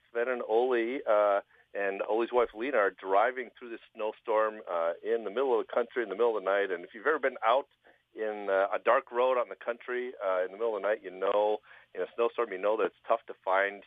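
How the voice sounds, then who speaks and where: A man calling in as a guest, telling a joke casually, with a halting delivery and many fillers. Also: fairly low pitch, no room sound. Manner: halting, lots of fillers, lively. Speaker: phone-in guest, joke teller. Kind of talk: casual storytelling. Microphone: phone. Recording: tinny phone line.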